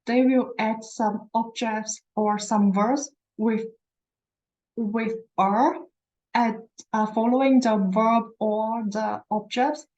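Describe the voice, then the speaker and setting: A woman teaching a beginner Chinese lesson, repeating words slowly and encouraging her learners. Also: a little high, fairly even intonation, darkish tone, lo-fi sound. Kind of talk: slow, patient language lesson.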